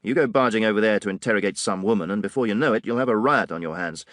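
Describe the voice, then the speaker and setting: A man's voice: on the low side, racing, a bit bright, dry recording, studio quality, lightly acted. A man voicing a pompous, condescending colonial police officer in an audiobook, with a drawling, superior manner.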